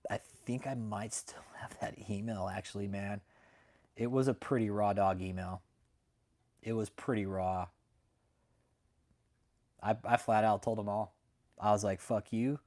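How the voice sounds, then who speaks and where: A man's voice: on the low side, darkish tone. A young adult man hosting a channel, telling a story to his viewers in a brash, profane, casual rant. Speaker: channel host.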